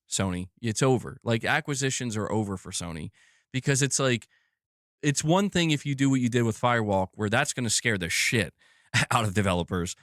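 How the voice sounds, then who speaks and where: A man's voice: mid-range voice, fairly bright tone, no room sound, studio quality. Furious profane gaming streamer man. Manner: angry, profane, repetitive outbursts. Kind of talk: live stream rant.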